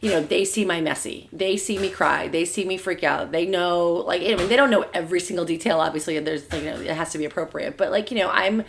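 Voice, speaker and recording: A woman in her thirties talks quickly in a relaxed podcast chat, her voice sitting a little low. She strings thoughts together with fillers and breaks into laughter while telling stories. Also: gravelly, a little hiss or hum. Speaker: podcast co-host. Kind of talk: casual chat.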